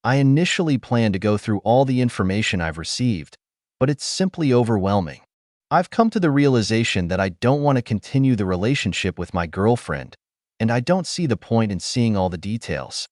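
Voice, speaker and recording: A man reading a first-person story aloud as scripted narration, in a steady, even-paced storytelling manner. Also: on the low side, a little fast, no echo, studio quality.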